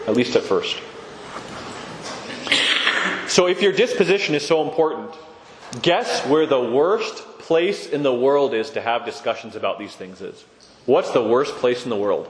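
A man's voice: mid-range voice, slight background noise. A man giving a conversational sermon-style talk on Orthodox Christian living, acting out quoted voices as he goes. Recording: echoey room with long reverb.

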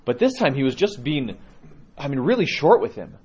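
A male priest telling stories to his congregation in an informal sermon, lively and often restarting his sentences. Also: mid-range voice, moderate pace, breathy edge. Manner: lively storyteller with frequent restarts. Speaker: Orthodox priest.

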